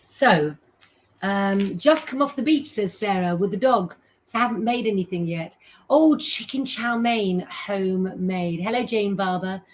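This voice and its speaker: A woman's voice: medium pitch, unhurried. A middle-aged woman hosting a casual live stream, chatting as she reads out viewers' names and messages and giving tarot advice.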